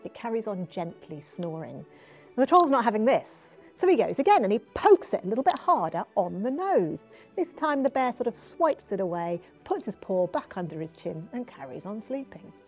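Woman spinning a folk tale, voice jumps up and down a lot, quiet asides. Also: medium pitch. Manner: lively, expressive, hushed asides. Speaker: storyteller guest. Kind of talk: oral storytelling.

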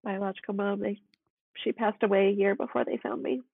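A woman's voice: mid-range voice, fairly even intonation, fairly quick, gravelly, breathy edge, no echo. A woman caller chatting casually over the phone, giving short answers and laughing easily. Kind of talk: casual chat. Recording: tinny phone line.

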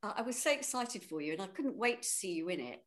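A woman with a medium-pitched voice asks her questions in a chatty way. She reminisces freely and closes her points with tag questions. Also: big pitch swings, fast, a bit bright. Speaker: interviewer. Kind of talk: warm casual interview chat.

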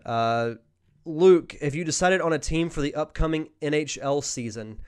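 A man's voice: a little high, normal speed, a little mellow, clean tone. A young man hosting a podcast, chatting casually through a live Q&A, reading viewer questions aloud and answering off the cuff. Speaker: podcast host.

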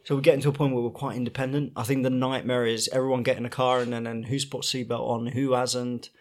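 Italian man telling lively stories. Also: mid-range voice, fast. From Italy. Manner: lively storyteller, laughs often. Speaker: podcast co-host, father. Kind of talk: casual chat.

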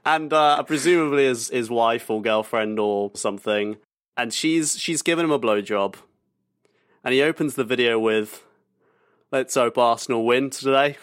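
A man's voice: medium pitch, moderate pace, a bit bright. A man co-hosting a podcast, telling a story in casual chat and laughing often as he goes. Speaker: podcast co-host.

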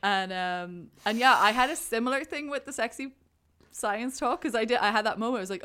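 Speaking a little high and a little fast, with a pushed, bright tone, a woman co-hosting a podcast talks casually about a movie. She dramatizes her own thoughts and fills her speech with fillers.

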